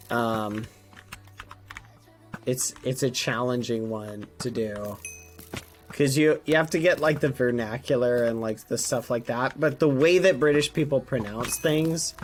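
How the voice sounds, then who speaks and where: Chatty young American streamer, faint music. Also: male voice, mid-range voice. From United States. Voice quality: chatty, meandering, many fillers. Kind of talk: casual livestream chat.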